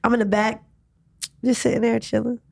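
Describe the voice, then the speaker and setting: A young woman telling stories in a relaxed interview, slangy and animated, often asking "you know what I'm saying". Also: a little high, normal speed, vocal fry. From United States. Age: young adult. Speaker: guest, college athlete and rapper. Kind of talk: casual interview chat.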